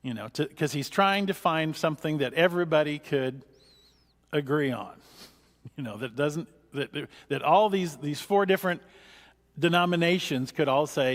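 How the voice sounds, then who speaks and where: A man's voice: a little high, moderate pace. A man, a pastor, teaching a church book study in a rambling, conversational way with many fillers. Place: church hall. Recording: long church-hall reverb.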